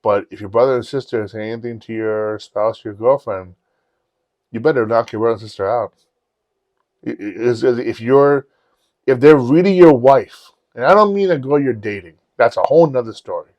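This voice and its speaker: A man on a podcast telling personal stories in a candid, profane, animated way. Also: medium pitch, moderate pace, no room sound, lo-fi sound. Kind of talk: casual storytelling chat.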